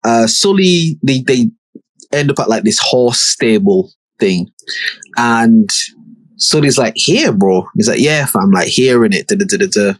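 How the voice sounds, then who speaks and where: A man's voice: mid-range voice, unhurried, dry recording. A man, co-hosting a podcast and retelling a TV episode in casual chat, acting out characters' lines with slang. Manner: animated, acts out characters' lines with slang and swearing. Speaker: podcast co-host.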